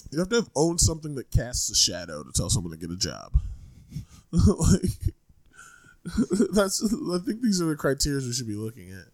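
A man's voice: medium pitch, normal speed, no echo. A young man co-hosting a podcast, chatting casually and comically, laughing often and swearing. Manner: animated, laughing often, profane. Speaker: podcast co-host. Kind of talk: casual comedic chat.

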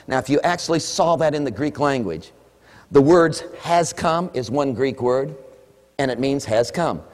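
Male preacher, sermon, animated, shouts for emphasis, swooping high voice, long church-hall echo. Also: normal speed. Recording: echoey hall with long reverb.

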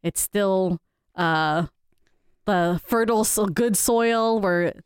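A woman's voice: medium pitch, slow, clean tone, dry recording, clean studio sound. A woman in her thirties, co-hosting a podcast and telling a family story in a candid, casual way, laughing now and then. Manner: candid, laughs between stories, quotes people in changed voices. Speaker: podcast co-host.

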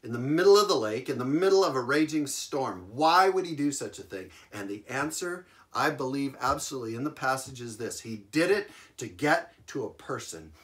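A male preacher at a middle pitch tells a Bible story as part of a sermon. He delivers it in an animated way, repeats key phrases for emphasis and chuckles along the way. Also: normal speed, hardly any pauses.

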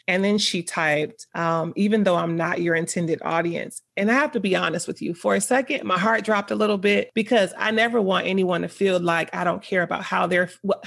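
A woman's voice: on the low side, vocal fry, fairly bright tone. A woman guest on a podcast, talking earnestly and candidly in casual conversation, often laughing and searching for her words.

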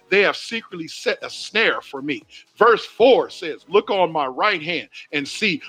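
A man preaching a sermon, reading scripture slowly and talking straight to his listeners in a chatty way. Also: high-pitched, fairly bright tone. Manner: preachy and conversational, reads scripture slowly, asks the listeners directly. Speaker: pastor.

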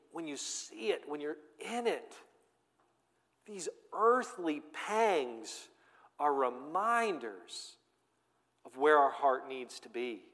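A fairly high-voiced man preaches with fervor, his voice rising to loud declarations and then sinking almost to a murmur. Long reverb from a big hall trails behind each phrase. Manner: emphatic preaching, swinging from loud to hushed. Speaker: pastor. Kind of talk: sermon.

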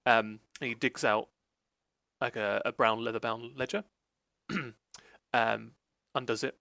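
A man's voice: medium pitch, steady tone, slow pace, vocal fry, sharp tone, no room sound. A man narrating a tabletop role-play game as game master, rambling with lots of fillers.

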